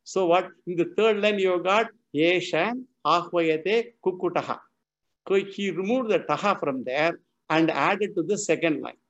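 A man teaches scripture in a patient, repetitive lecture, chuckling now and then. His voice sits a little high for a man. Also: a bit bright, lo-fi sound. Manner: explains slowly, repeats key terms, chuckles.

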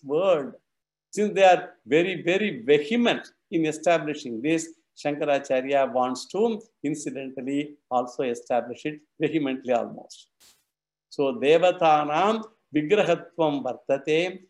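A man's voice: a little high, darkish tone. A man with an Indian English accent giving a scriptural lecture, asking the class questions and answering them himself. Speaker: Vedanta teacher.

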